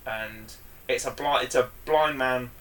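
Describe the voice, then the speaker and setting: Guy rambling excitedly on a podcast, bright voice, sounds a little back from the mic. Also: mid-range voice, unhurried, distant mic. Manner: enthusiastic, rambling, loud bursts when excited. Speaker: podcast co-host. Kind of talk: casual chat.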